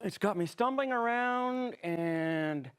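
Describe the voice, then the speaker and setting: A man's voice: high-pitched, animated, slow, smooth. A man playing a tipsy little old Canadian man who slurs and keeps apologizing in an improv comedy scene. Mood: apologetic. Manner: slurring, rambling, keeps apologizing.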